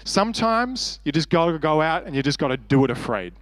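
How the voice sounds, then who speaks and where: A man's voice: on the high side, very animated, fairly quick, no room sound. A man preaching a sermon in an earnest, conversational way, acting out quoted prayers and speech. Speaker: pastor. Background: soft worship band music.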